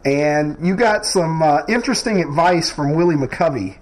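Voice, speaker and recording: Halting male radio host, slightly high. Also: lively intonation, rough recording. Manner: halting, many fillers, slow and deliberate. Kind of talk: interview questions.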